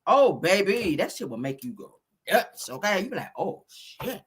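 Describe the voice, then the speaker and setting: A woman hosting a casual gossip commentary, telling stories in an animated, slangy, laughing way. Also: lowish voice, normal speed, husky. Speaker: commentary channel host.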